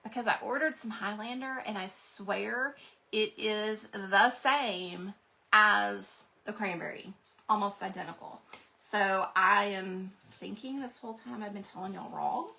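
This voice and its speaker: A woman hosting a live craft stream, chatting casually to her viewers and thinking out loud as she paints. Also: mid-range voice, measured pace, creaky. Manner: rambling, talks to viewers directly. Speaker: craft livestream host.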